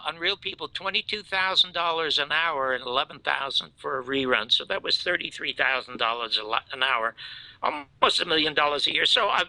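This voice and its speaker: Gravelly older man telling stories. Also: on the high side, no echo, rough recording. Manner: animated, swings from loud outbursts to hushed asides. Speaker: show host telling stories. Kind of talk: storytelling in casual chat.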